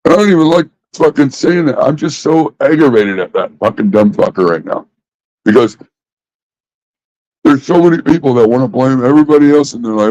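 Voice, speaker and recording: A man in a casual vlog rant, exasperated and heavy on the swearing as he circles back to the same points. His voice sits at an ordinary middle pitch. The sound is dry, with no room echo. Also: expressive, normal speed, darkish tone. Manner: exasperated, profane, repeats himself. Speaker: vlogger.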